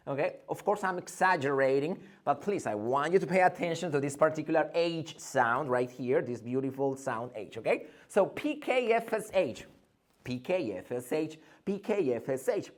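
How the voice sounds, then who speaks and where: A male English teacher giving an energetic pronunciation lesson, theatrical and drilling sounds over and over. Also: a little high, moderate pace.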